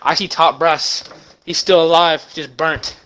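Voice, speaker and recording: A young man retelling a movie plot as a rambling comic story, excited and short of breath, with sudden loud bursts. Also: on the high side, a little slow, a little hiss or hum, rough recording.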